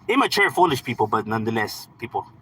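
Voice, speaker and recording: Husky, lively-voiced man chatting on a livestream. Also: fairly low pitch, fast talker, low-quality recording. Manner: laid-back, laughing, slangy and profane. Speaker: livestream host reading chat. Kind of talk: casual live chat.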